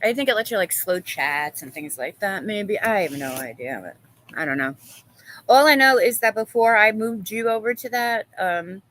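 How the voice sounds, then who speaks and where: A woman's voice: medium pitch, lively intonation, normal speed, a bit bright, slight background noise, poor audio. A woman hosting a casual live-stream chat, gossiping, laughing often and reading viewers' comments aloud.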